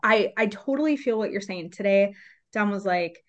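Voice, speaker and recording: A woman's voice: mid-range voice, moderate pace, highs cut off. Chatty woman podcast host. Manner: chatty, self-mocking storyteller. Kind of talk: casual podcast conversation.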